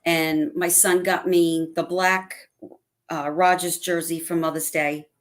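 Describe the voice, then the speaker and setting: A middle-aged woman chatting casually on a video call, telling animated stories and acting out her family's lines. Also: on the low side, slow. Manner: animated storytelling, acts out family quotes. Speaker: guest fan. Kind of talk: casual livestream chat.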